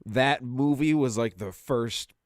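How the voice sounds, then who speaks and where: A man's voice: medium pitch, takes it slowly, no room sound. A man co-hosting a casual podcast chat, telling rambling, profane stories and laughing often. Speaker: podcast co-host.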